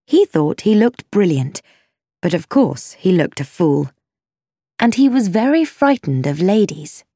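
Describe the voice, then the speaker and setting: A woman reading a storybook aloud as narrator, slow and measured with lively intonation. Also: mid-range voice, no room sound, clean studio sound.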